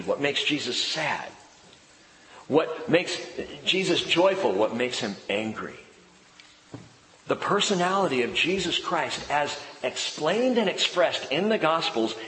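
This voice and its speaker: A male pastor preaching a sermon, animated and expressive, often dropping his voice low and soft for emphasis. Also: slight background noise. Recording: echoey hall with long reverb.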